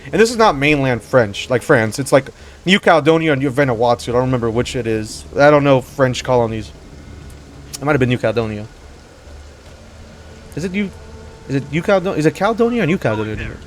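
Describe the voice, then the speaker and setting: With a little hiss or hum in the audio, a gamer and commentator talks in an animated, mid-range voice, fairly quick but pausing often. His casual commentary rambles between stories and reactions, slangy and profane, and he calls listeners "brother."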